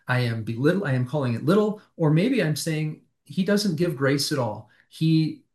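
A man, a pastor, talking through a Bible parable in a thoughtful, halting way with frequent restarts. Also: fairly high pitch, expressive, darkish tone.

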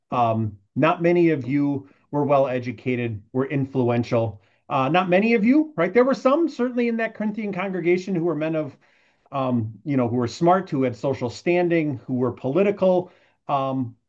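Working through scripture verse by verse, a man teaches in a conversational way, frequently checking in with "right?" along the way. He has a fairly high, darkish voice, captured in a muffled recording.

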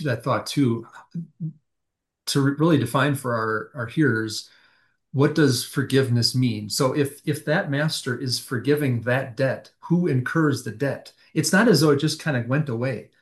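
Halting, thoughtful male pastor. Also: mid-range voice. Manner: thoughtful, halting with frequent restarts. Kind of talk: discussion of a Bible parable.

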